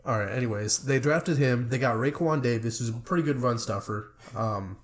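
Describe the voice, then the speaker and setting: A man's voice: medium pitch, moderate pace. Young man rambling about football. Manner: rambling, loose and joking. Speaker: podcast co-host. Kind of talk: casual sports chat.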